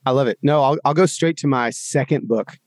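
A guest author on a podcast, this man tells stories in casual, animated conversation, acting out the voices of the people he quotes. His medium-pitched voice is brisk, and the clean studio sound has no echo.

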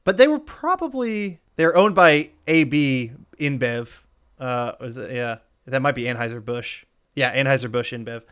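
A man co-hosting a podcast, recapping a film in casual chat, animated, with frequent laughs and rambling asides. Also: mid-range voice, moderate pace, clear, resonant tone. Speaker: podcast co-host.

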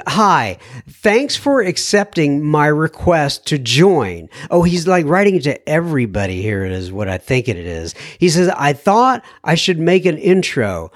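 A man's voice: fairly high pitch, dry recording, studio quality. A man hosting a podcast, reading listener messages aloud in a casual, chatty way, thinking aloud with fillers and self-corrections.

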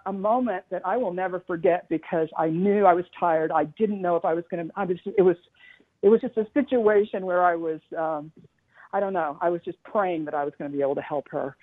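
Earnest woman on a tinny phone line. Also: on the low side. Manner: earnest, halting, many restarts and fillers. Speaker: spiritual teacher guest. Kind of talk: casual storytelling on a radio talk show.

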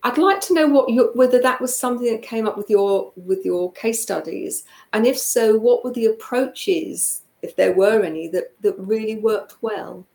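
Woman host, measured delivery, echoey room. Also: on the high side, gravelly, a little mellow. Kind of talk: casual conversation. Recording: roomy echo.

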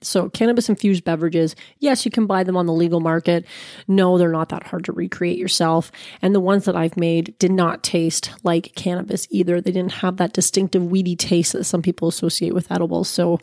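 A woman's voice: lowish voice, a little fast, no echo, clean studio sound. Chatty middle-aged woman podcaster. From Canada. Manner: chatty, animated storytelling with bursts of excitement. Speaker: podcast host. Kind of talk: casual podcast chat. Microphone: podcast mic.

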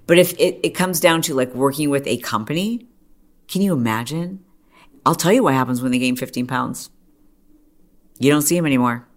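A middle-aged woman hosting a podcast, talking in a chatty, animated way full of "like" and quick asides. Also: rumbling low. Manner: chatty, animated storytelling with frequent "like". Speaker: podcast host. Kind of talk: casual monologue.

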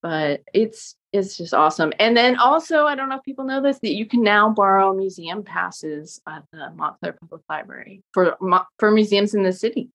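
A woman's voice: mid-range voice, lively intonation, normal speed, few pauses, fairly bright tone. Upbeat woman guest chatting. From New York. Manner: enthusiastic, laughs often. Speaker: guest, street photographer. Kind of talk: casual podcast chat.

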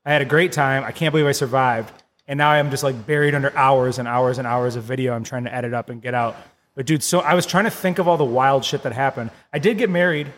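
Man, podcast co-host, animated storyteller, laughs a lot, acts out quotes, reverberant sound. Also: mid-range voice, fast talker. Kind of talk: casual podcast chat.

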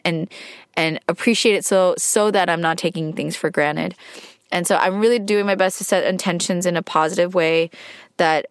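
A woman talks in an earnest, rambling way, circling back on her thoughts with lots of "like"s and a voice that turns tearful now and then. Her voice sits a little low for a woman, and the sound is close and dry with no room echo. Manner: earnest, rambling, many "like"s, emotional. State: tearful at times. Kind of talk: reflective personal monologue.

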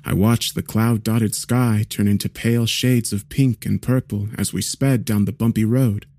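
A man narrating a horror story in a measured, somber way. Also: lowish voice, fairly even intonation, a little mellow, dry recording.

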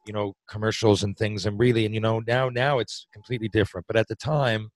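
Man, Newfoundland accent, lowish voice, dry close sound, rambling storyteller, casual swearing. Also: little pitch movement, quick pace, no echo, rough recording. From Newfoundland, Canada. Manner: rambling, self-interrupting storyteller who swears and laughs easily. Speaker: podcast guest, former hockey player.

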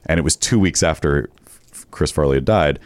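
A man co-hosts a podcast, chatting and telling stories while laughing easily. His voice is very deep. The sound is dry, with no room around it. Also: normal speed, no echo. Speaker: podcast co-host. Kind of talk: casual chat.

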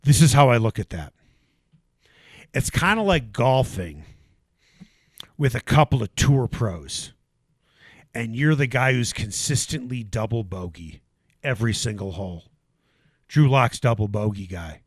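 A man's voice: medium pitch, unhurried, pauses often, no echo. Ranting sports radio man, dry sound. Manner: animated, ranting, mocking impressions. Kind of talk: sports talk radio debate.

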